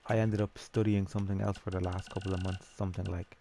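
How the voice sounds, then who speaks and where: A man's voice: low voice, level tone, fast talker, vocal fry, mellow, slight background noise. A young Irish man telling a story in a rambling, chatty way with swearing, over a game. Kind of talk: casual storytelling over gameplay.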